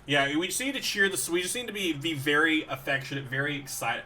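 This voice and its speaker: A man's voice: on the high side, big pitch swings, brisk, hardly any pauses, sharp tone, soft background music. A young man streaming a video game live, chatting with viewers and cheering on his creature with fillers and playful coaxing.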